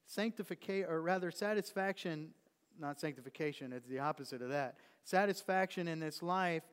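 A man's voice: high voice, long reverb tail. A man preaching a sermon to his congregation, conversational and teasing, quizzing them with questions. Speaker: pastor. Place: church sanctuary.

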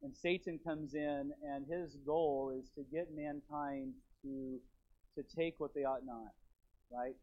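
A man preaching a sermon as pastor in his church, rambling and repeating himself with animated stops and starts. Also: on the high side, slow. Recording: tinny phone-like sound.

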